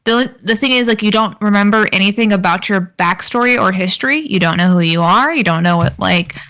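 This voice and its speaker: A woman's voice: medium pitch, brisk, a bit bright. A woman co-hosting a podcast in casual chat, rambling with lots of fillers and giggles. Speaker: podcast co-host.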